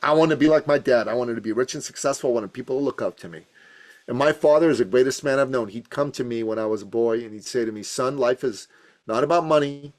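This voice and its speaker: A man's voice: medium pitch, fast talker, darkish tone. A man in his fifties from Iran, a business coach telling his story as a podcast guest in an emphatic, punchy, rhythmic way. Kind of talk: motivational storytelling in a podcast interview.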